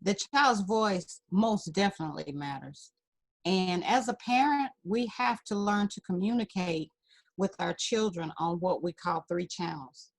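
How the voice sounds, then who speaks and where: A woman's voice: on the low side, unhurried. A woman counselor, a talk-show guest, giving parenting advice in an emphatic, teacherly way. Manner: emphatic, teacherly, repeats key points. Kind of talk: advice in an interview.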